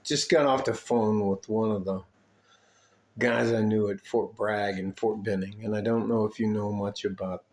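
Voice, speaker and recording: A man's voice: on the low side, fairly even intonation, moderate pace, darkish tone. Profane rambling older man, echoey room. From Detroit, USA. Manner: profane, digressive, with frequent asides and throat clearing. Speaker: army veteran storyteller. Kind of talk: rambling casual storytelling.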